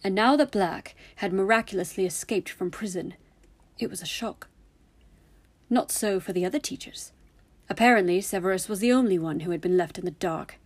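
A woman narrating a story in a steady, even reading voice. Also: medium pitch, moderate pace.

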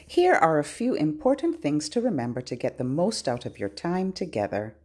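A woman who is a children's librarian, hosting a podcast and giving gentle, instructive tips to parents in scripted narration. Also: low-pitched, huge pitch swings, normal speed, slightly rough, soft background music.

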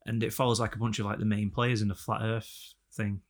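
A young man rambles through a casual podcast chat, swearing freely and getting animated. His voice sits low with a gravelly edge. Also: fairly quick. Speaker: podcast co-host.

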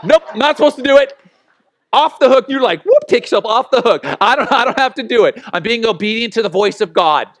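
A middle-aged male pastor preaching a sermon, telling stories with animated humor and frequent laughs. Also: very high voice, fairly quick, few pauses.

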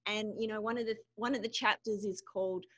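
A woman's voice: medium pitch, fairly even intonation, fast talker, a bit bright, highs cut off. Earnest Australian woman guest. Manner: earnest, heartfelt, laughs easily. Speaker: guest author and speaker. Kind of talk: podcast interview.

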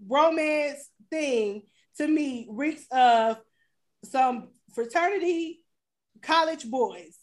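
A blunt, animated woman co-hosting a casual chat, speaking high in her register. She talks frankly and with plenty of swearing. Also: extremely slow. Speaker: podcast co-host.

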